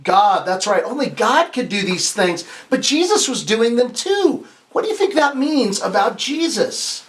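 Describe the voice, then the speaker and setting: A man's voice: very high-pitched, a little slow. Man reading a picture book to kids. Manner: expressive, asks the kids questions and has them repeat lines; playful asides, some stumbles and restarts. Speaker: pastor hosting a kids' story time.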